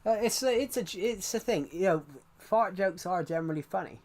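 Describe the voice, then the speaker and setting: A man's voice: high-pitched, expressive, brisk, a little mellow. A young man chatting casually on a live stream, rambling with many restarts and laughing at his own jokes. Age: young adult.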